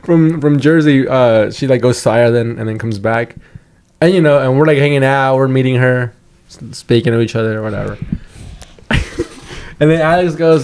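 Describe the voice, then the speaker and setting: A man's voice: medium pitch, normal speed, long pauses, a little mellow, clear, resonant tone. A man who is a comedian and podcast host, chatting casually, swearing freely and laughing as he tells stories.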